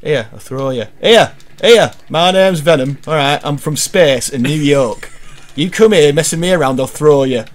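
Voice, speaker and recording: A man's voice: on the high side, moderate pace, a little hiss or hum, natural voice. A man putting on a brash northern alien brute. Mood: rowdy. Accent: northern English. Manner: swaggering, boastful, rowdy. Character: gruff northern English male alien symbiote brute.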